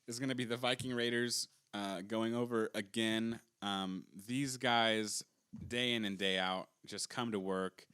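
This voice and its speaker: A young man co-hosting a casual wrestling podcast, blunt and opinionated, sometimes dropping low and flat. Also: a little slow, clear, resonant tone. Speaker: podcast co-host. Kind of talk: casual chat.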